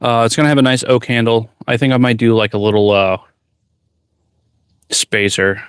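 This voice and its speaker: Man, blacksmith streamer. Casual, rambling chat at a mid-range pitch, with a dry close sound. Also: steady tone, moderate pace, smooth, no echo. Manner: laid-back, rambling, reads viewer questions aloud. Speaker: blacksmith livestreamer. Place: forge workshop.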